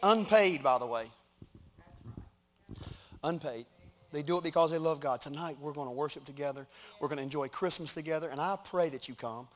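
A middle-aged pastor speaking from a church stage in a somewhat high voice. He talks to his congregation in a loose, conversational way, with plenty of jokes. His sermon style stays informal and personal. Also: fast, hardly any pauses. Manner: conversational and joking. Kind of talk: sermon with announcements and prayer.

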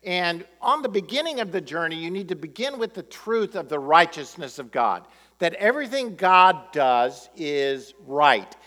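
A man's voice: a little high, sing-song, moderate pace, a bit bright. Conversational man preaching in an echoey church. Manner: conversational with fillers. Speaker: pastor. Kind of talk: sermon.

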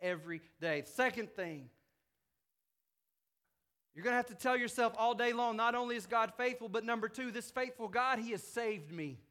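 Male pastor: high voice, emphatic, repetitive sermon delivery, calls out to the congregation. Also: normal speed, long pauses, sharp tone, clear, resonant tone.

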